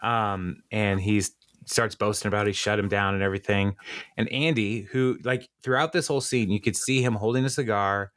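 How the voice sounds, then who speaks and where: A man co-hosts a podcast, casually recapping a TV episode in a rambling way, with lots of ums and uhs and frequent laughs. His lowish voice is steady and fairly bright at normal speed. The recording is dry and studio quality.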